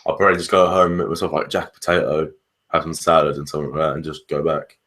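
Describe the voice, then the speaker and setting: A man's voice: rumbling low, level tone, fast, fairly bright tone. A young English man, a student co-hosting a podcast, talking casually and hesitantly with many fillers. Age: young adult. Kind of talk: casual chat.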